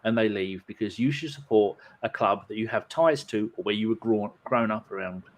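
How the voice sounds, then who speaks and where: A man's voice: on the low side, normal speed. Podcast host guy, teasing and dry, just chatting casually. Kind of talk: casual chat.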